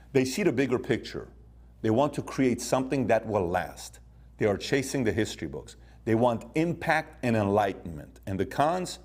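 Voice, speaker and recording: A motivational speaker whose voice sits on the low side, slightly mellow with a breathy edge. His storytelling is punchy, and he regularly puts questions to his listeners.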